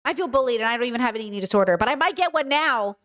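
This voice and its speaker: Young female reaction host, high voice, ranty, exasperated commentary. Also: racing. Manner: animated, exasperated, swears and ranting.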